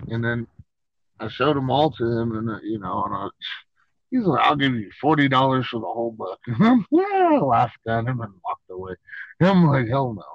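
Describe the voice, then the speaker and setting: A man's voice: mid-range voice, animated, fairly quick, gravelly, dry recording. A man co-hosting a casual podcast, joking and swearing casually. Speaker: podcast co-host. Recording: dull dry lo-fi sound.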